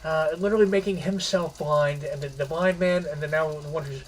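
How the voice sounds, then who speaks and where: A man giving a casual, rambling spoken summary of a short story, halting and restarting mid-phrase. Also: a little high, fairly even intonation, recorded from a distance, a little hiss or hum, low-quality recording.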